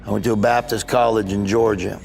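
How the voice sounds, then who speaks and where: A man's voice: on the low side, steady tone, creaky, darkish tone, soft background music. A man in his sixties, a comedian chatting in an interview, telling rambling stories. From Midwestern United States. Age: 60s. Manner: rambling, anecdotal, does quick imitations. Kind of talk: casual interview chat.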